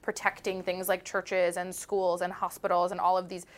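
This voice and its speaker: A woman appearing as a guest news anchor, explaining politics in a measured way with frequent fillers. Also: lowish voice, monotone. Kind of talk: political discussion.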